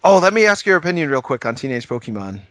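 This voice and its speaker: A man co-hosting a casual comedic podcast from home, self-deprecating and pitching silly show ideas. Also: very animated, fast, a bit bright, no room sound. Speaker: podcast co-host.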